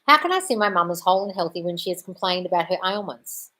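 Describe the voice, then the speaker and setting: Fast, pushed and bright, with lively intonation and a fairly low pitch, a female manifestation coach hosts a live Q&A. She takes questions from the chat and answers them bluntly, swearing and calling viewers darling.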